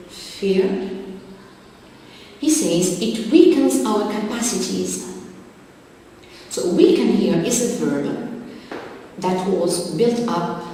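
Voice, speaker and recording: A woman's voice: fairly low pitch, warm tone, slight background noise. Female teacher reading a vocabulary lesson unhurriedly, recorded far off in a very echoey room. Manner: carefully spelling out word forms. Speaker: English teacher. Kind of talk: slow deliberate classroom explanation.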